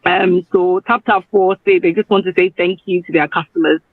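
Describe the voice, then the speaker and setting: A man from Ghana, a guest on a radio show, talking in a halting, rambling way and often correcting himself. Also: high-pitched, fairly even intonation, no echo. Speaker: guest promoting a travel raffle. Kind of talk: phone-in radio interview. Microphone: phone. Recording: tinny phone line.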